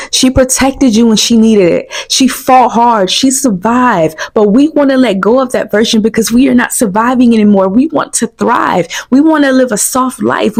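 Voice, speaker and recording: A woman's voice: mid-range voice, darkish tone. A young adult woman coaching viewers in an earnest, encouraging motivational talk, repeating her points for emphasis. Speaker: self-trust coach.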